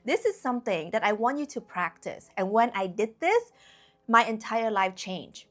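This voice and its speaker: A woman's voice: on the high side, animated, normal speed, soft background music. A woman giving a motivational talk to camera as a spiritual coach, earnest and direct, often checking in with her listeners.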